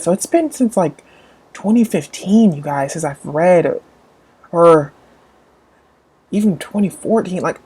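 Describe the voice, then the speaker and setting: Lady with a low voice rambling about a book she loves, gets squealy when excited. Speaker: book vlogger. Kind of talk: casual live-chat book talk.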